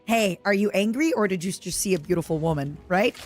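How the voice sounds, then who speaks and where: A young woman with an Eastern European accent streams a game live, reacting excitably and chatting with viewers. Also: medium pitch, fairly quick, soft background music. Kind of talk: live gaming stream chat.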